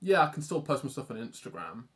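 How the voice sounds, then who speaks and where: A man's voice: medium pitch, sing-song, fast. A young British man from the UK chatting casually on a live stream, rambling and self-deprecating, reading chat aloud and swearing offhand.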